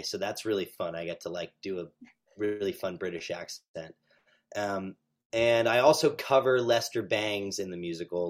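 A man, a stage actor, chatting as an interview guest, animated and full of fillers. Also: sits low. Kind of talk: casual interview chat.

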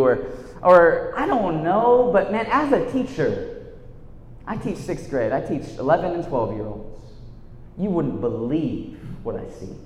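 Animated man preaching in an echoey hall. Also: high voice, a little hiss or hum. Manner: animated storytelling, dropping to a hushed earnest tone. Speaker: youth speaker and teacher. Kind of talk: storytelling sermon. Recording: echoey hall with long reverb.

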